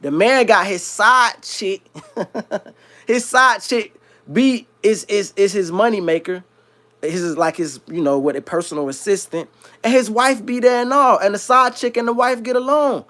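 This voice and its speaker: A man from South Florida hosts a livestream and tells a long story in loose, slang-heavy casual talk. His voice sits a bit higher than most men's, and he rambles in an animated way. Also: a little slow. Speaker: livestream host.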